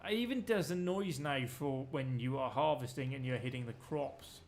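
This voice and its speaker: Gravelly-voiced man streaming a game. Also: mid-range voice, moderate pace, a little hiss or hum. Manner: rambling, jokey, swears freely. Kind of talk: casual let's-play commentary.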